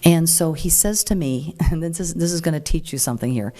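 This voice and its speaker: A middle-aged woman speaking at a meeting, telling a story in a chatty, frank way and jumping up high when she quotes people. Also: fairly quick. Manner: chatty and animated, acts out quoted voices higher; frank and plain-spoken. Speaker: speaker at a political group meeting. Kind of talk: informal talk to an audience, storytelling.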